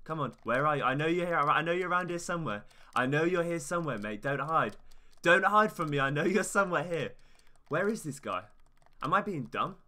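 A young man giving casual, chatty gaming commentary, talking straight to his viewers in an excited way. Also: a little high. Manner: fast, chatty, hyped, talks straight to viewers. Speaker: gaming YouTuber.

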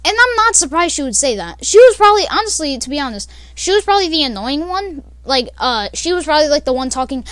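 Lively high-voiced young woman rambling. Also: quick pace, few pauses, dry recording. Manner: rambling, with many fillers and laughs. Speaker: vlogger. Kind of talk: casual storytime.

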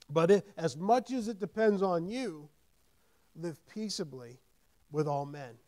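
A man preaching as a pastor with a high, bright-edged voice, swelling into emphatic scripture readings and then easing into relaxed, conversational asides. He stumbles and repeats words when he thinks aloud, keeping the sermon informal.

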